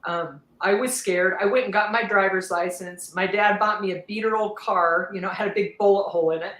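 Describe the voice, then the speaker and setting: A woman talking openly on a podcast, with a voice of middling pitch. She is animated and laughs easily, slipping into the voices of people she quotes. The sound rings a little in a roomy space. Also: a little fast. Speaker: podcast guest. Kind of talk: candid conversational storytelling.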